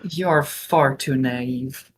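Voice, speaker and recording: Slow, wry woman player. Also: extremely low pitch, slightly rough. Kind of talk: casual tabletop play.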